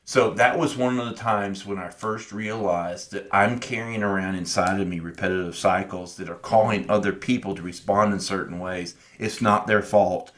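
A man's voice: sits low, steady tone, normal speed, hardly any pauses, fairly bright tone. A middle-aged man co-hosting a podcast, telling a personal story in an earnest, reflective way and acting out his past conversations. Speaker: podcast co-host.

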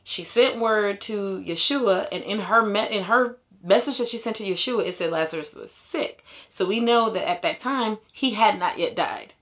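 A woman teaches scripture as if chatting with friends, with animated, slangy paraphrasing and quick laughs. Her tone is conversational and full of asides, and her pitch sits in an ordinary middle range. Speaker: Bible teacher. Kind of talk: casual Bible retelling.

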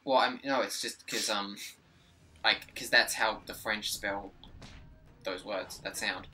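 A man's voice: on the low side, fairly even intonation, slow, pushed and bright, faint music behind. A young man doing casual gameplay commentary at home, sarcastic and exasperated as he banters with a friend. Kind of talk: casual let's play commentary. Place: home room.

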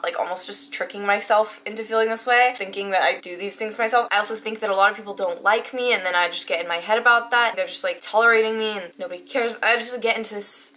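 A young woman speaking candidly and emotionally in a video diary, tired and low. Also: pushed and bright. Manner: candid, emotional, tearful at times. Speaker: vlogger.

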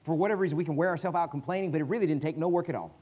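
A man with a Southern US accent, a guest preacher giving a conversational sermon in a church, swinging from quiet asides to emphatic, loud bursts. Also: fairly high pitch, rapid-fire. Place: church sanctuary.

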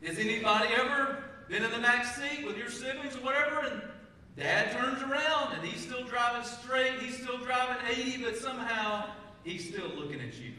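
A pastor from Texas delivering a conversational sermon, asking the congregation questions and reading scripture in a church sanctuary. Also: male voice, very high voice, lively intonation, moderate pace, bright, forceful tone, a little hiss or hum. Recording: echoey church hall, mic from a distance.

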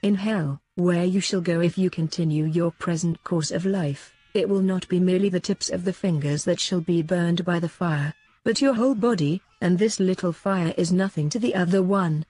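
Calm pleasant priest, woman reading, measured, lowish, husky, dry close sound. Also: dry recording, close to an everyday voice.

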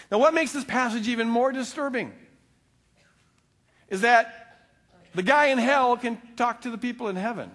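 Middle-aged male pastor, high-pitched, animated sermon delivery with stammering restarts.

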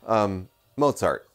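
A man co-hosting a casual movie review chat, animated and swearing freely. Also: lowish voice. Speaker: co-host.

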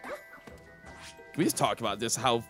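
Young male let's player, lively and crude, game music underneath. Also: medium pitch, slow pace. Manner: crude, joking, does silly voices. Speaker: let's play commentator. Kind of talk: casual gameplay commentary.

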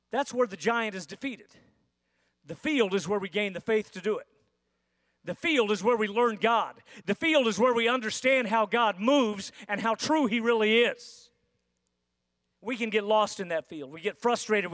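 A man preaching a sermon as senior pastor, with dramatic pauses and acted-out inner voices. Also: high voice, a bit bright. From United States. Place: large church sanctuary. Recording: dry sound with long hall reverb.

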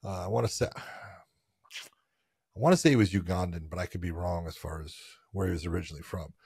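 A man co-hosting a casual sports podcast, telling stories in a loose, animated, profane way. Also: low voice, brisk, husky, no room sound, clean studio sound. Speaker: podcast co-host.

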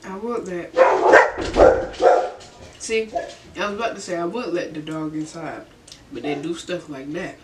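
A woman's voice: on the low side, measured pace, long pauses. A young woman vlogger telling a story in her bedroom during a mukbang, laid-back, slangy and profane, laughing often. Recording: roomy, distant mic, faint hiss.

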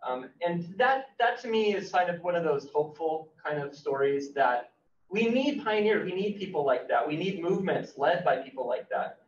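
A man, an author, speaking earnestly at a library talk, halting with fillers. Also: a little high, expressive. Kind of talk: casual conversation at a library talk. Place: library event room. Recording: roomy, distant, muffled hall recording.

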